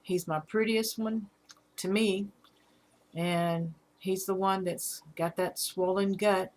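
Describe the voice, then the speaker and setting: A middle-aged woman with a Southern accent, hosting a casual live stream about her fish, halting often with fillers. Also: lowish voice. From Alabama. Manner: rambling, halting with fillers, reads out chat comments.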